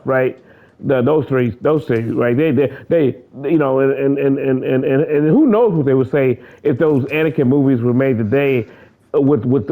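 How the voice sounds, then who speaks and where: A man chatting casually while gaming, rambling and cursing, often breaking into laughter. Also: a little high. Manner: animated, laughing, rambling, profane.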